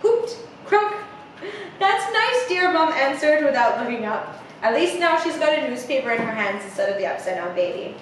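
A young woman reading a picture book aloud to children, animated and chatty with many asides, in an echoey room heard from a distance. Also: fairly high pitch, fast talker, slight background noise. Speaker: theatre coach reading to children.

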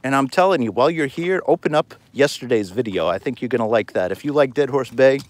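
A man with a New York accent hosting a live outdoor metal detecting vlog, talking excitably and rambling from thought to thought. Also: medium pitch, fast talker, no echo. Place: outdoors on a beach.

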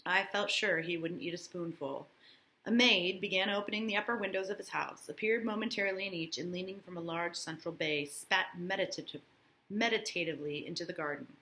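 A woman's voice: fairly low pitch, brisk, pushed and bright. A woman teacher reading a novel aloud to her class and breaking off for casual asides, often checking in with "right?".

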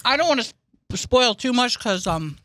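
Bright-voiced woman podcast co-host. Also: on the high side, animated, normal speed, dry recording. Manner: short, laid-back replies. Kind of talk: casual chat.

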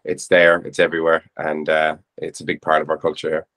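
A man's voice: extremely low pitch, completely flat delivery, brisk, fairly bright tone. An easygoing man with an Irish accent, chatting as a guest musician in an interview. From Cork, Ireland. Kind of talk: casual interview chat.

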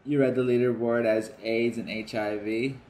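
A young man giving casual, excitable gameplay commentary while playing a football video game, swearing, joking and shouting at the screen. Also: medium pitch, moderate pace, slight background noise. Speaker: gaming streamer.

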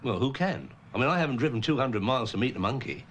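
A man's voice: mid-range voice, lively intonation, fast talker, fairly bright tone, a little hiss or hum, natural voice. An actor playing a blustering, pompous middle-aged Englishman who is chasing funding. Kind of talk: TV comedy acting.

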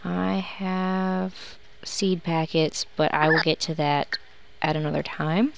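A woman's voice: low-pitched, level tone, takes it slowly, gravelly, noisy background. A woman giving casual, sarcastic commentary while playing a life-simulation game, grumbling at her characters. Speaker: let's play host. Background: background music.

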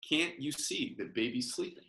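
A man reading a children's picture book aloud in a gentle sing-song, pausing to explain words over a video call. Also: mid-range voice, animated. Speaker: professor reading picture books to families. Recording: roomy echo.

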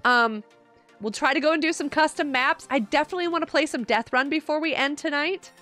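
With faint music behind her, a middle-aged woman streams a game live in a high, slightly fast, pushed and bright voice. Reading and answering chat, she chats casually with viewers, giggling a lot and seeming a little worn out.

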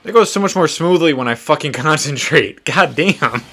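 A man's voice: fairly high pitch, expressive, moderate pace, bright, forceful tone, a little hiss or hum. A man hosting a podcast, talking casually while he plays a fighting game, rambling and swearing with self-deprecating humor. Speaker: podcast host and tattoo artist.

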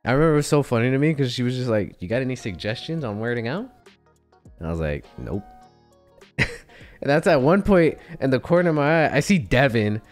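A man's voice: mid-range voice, brisk, soft background music. A young man from Texas, a podcast co-host telling a story in casual chat, acting out what people said and laughing often. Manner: animated storyteller, acts out quotes, laughs often.

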